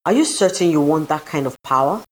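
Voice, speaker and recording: A woman's voice: low voice, lively intonation, fairly quick. A woman reading a stately old sea goddess. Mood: commanding. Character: ancient commanding female sea goddess.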